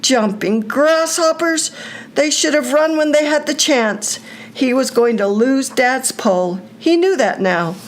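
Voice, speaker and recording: An older woman reading a children's story aloud, with a slow, deliberate storytelling delivery. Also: high voice, expressive.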